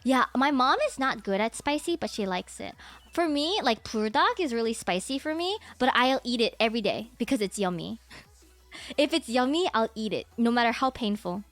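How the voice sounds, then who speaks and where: Giggly high-voiced woman streamer. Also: moderate pace. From United States. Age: young adult. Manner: giggly, animated, mimics her parents' exclamations. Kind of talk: casual chat. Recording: faint music behind.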